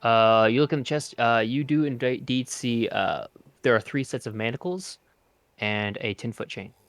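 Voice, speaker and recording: A man narrates as game master of a tabletop game, his mid-range voice fairly bright and moderately paced. His narration is full of hesitant filler sounds.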